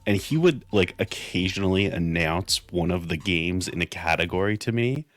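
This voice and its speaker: A man's voice: deep voice, animated, normal speed, a bit bright, dry recording. A man co-hosting a livestream, chatting casually in a wry, hesitant way with stammered restarts. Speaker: co-host on the stream.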